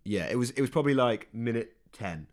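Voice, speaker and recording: A man's voice: mid-range voice, animated, brisk. A young man, a podcast host, reading his own story aloud in a dry, understated way and chatting casually.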